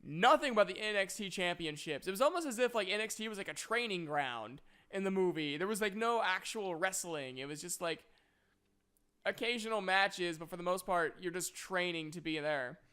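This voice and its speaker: A man with a smooth, crisp voice gives a casual review that keeps sliding into exasperated ranting. He circles back on himself and fills the gaps with "like". His tone is bright and slightly high. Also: animated, moderate pace. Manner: exasperated, scattered, heavy use of "like". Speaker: movie reviewer.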